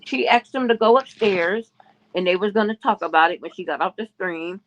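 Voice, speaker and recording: A man's voice: sits high, normal speed, fairly bright tone, a little hiss or hum. A man co-hosting a podcast, telling a gossip story in a rambling way and raising his voice to quote other people. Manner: rambling, restarts often, quotes others in a raised voice. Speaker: podcast co-host. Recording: muffled lo-fi audio.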